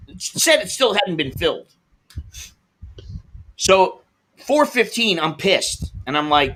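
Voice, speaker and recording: A man's voice: fairly high pitch, animated, a little slow, pauses often, a bit bright. A man hosting a livestream, telling a frustrating delivery story and reading comments, swearing and acting out both sides of the calls. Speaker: livestream host.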